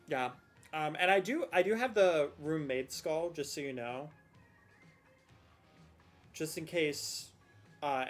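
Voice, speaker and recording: A young woman streaming a game, chatting casually and rambling with sudden excited outbursts. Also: low-pitched. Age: young adult. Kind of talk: casual gameplay commentary.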